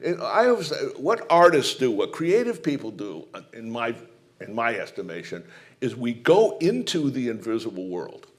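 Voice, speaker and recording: A man's voice: mid-range voice, big pitch swings, normal speed. A man from Maine, a humorist telling anecdotes and reflecting on humor in a live stage interview, speaking in a rambling, searching way. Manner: rambling anecdotal storyteller, many fillers and restarts, reflective. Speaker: humorist guest. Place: small live performance venue.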